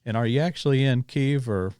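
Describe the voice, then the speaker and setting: A man's voice: medium pitch, fairly quick, darkish tone, clean tone, dry recording, studio quality. A man hosting a casual interview podcast, asking rambling questions and checking the timeline. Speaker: podcast host.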